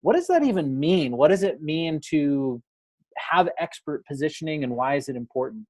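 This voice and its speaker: A man's voice: fairly high pitch, lively intonation, normal speed, a little mellow. A man from the United States hosting a live interview, asking questions in a friendly, chatty way with frequent restarts, over a video call. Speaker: interview host.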